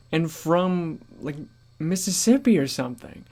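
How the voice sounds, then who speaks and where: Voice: mid-range voice, moderate pace. A gaming vlogger ranting at home in disbelief, swearing often and breaking into laughter, recorded on a USB condenser mic without a pop filter. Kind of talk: home commentary rant.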